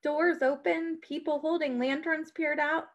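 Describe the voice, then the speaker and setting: A woman reading a children's story aloud with an expressive, dramatic delivery. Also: high voice, unhurried.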